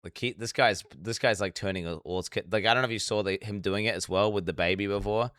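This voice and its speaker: Male streamer, blunt profane reaction talk, bright tone, dead dry room. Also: fairly low pitch, steady tone, fast, dry recording. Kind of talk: casual reaction commentary.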